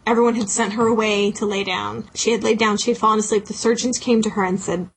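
Woman podcast co-host, husky, earnest storyteller, casual chat. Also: mid-range voice, fast talker, few pauses, low-quality recording. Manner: emotional, animated storyteller.

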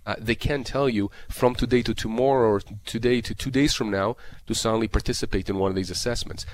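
Fast and slightly mellow, a man's mid-range voice carries a disability lawyer's guest-expert advice on a radio call-in show, with slight background noise. He explains disability insurance claims emphatically and repetitively, using many fillers.

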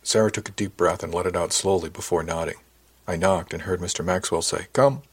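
A man reading a first-person audiobook with a low-pitched, husky voice. His delivery is easygoing and conversational, like someone chatting through his own story. The tone stays relaxed and even. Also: fairly quick. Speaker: audiobook narrator.

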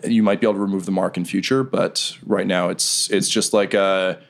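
A man's voice: low-pitched, a little fast, creaky. A man narrating a tabletop role-playing game as game master, telling the story loosely with many fillers. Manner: relaxed, filler-heavy storytelling.

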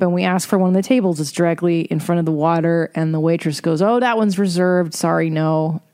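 A woman's voice: on the low side, dark tone, dry recording, studio quality. A woman hosting a podcast, telling a casual story with wry, profane asides. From Eastern Bloc. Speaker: podcast host.

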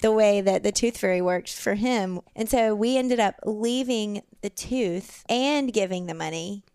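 A woman's voice: mid-range voice, measured pace, a little mellow, clear, resonant tone, no echo. A woman guest on a podcast, casually telling a family story and laughing often. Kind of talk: casual chat.

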